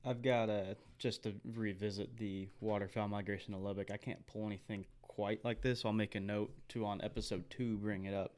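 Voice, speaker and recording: A man's voice: on the low side, fairly even intonation, brisk, hardly any pauses, darkish tone. A man from Texas, co-hosting a casual podcast in a chatty, self-deprecating way. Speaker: podcast co-host.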